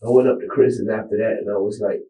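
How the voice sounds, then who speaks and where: A man's voice: on the low side, steady tone, dark tone. Rambling man in an echoey room. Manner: rambling, halting, street slang. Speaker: interview subject. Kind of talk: police interrogation recording. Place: small interrogation room. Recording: echoey room, camera mic.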